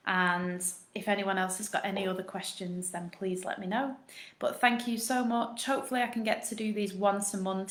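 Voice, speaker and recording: Northern English woman, fitness coach, chatty live stream host, roomy sound. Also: mid-range voice. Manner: chatty, rambling, quick. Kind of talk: live Q&A chat.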